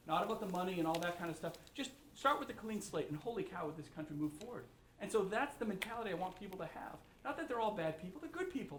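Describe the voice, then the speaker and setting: Fast-talking blunt governor, echoey room. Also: male voice, high voice, expressive, crowd noise. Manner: fast, blunt and ranting, with asides and laughs. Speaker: state governor speaking at a forum. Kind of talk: impassioned public remarks. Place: large echoey room with an audience. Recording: roomy echo.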